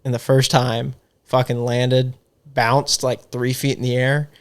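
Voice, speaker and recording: A man's voice: mid-range voice, little pitch movement, unhurried, clear, resonant tone. A young man, a podcast guest, telling rambling, profane party stories in casual chat. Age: young adult. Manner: rambling, profane, laughing storyteller. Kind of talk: casual storytelling.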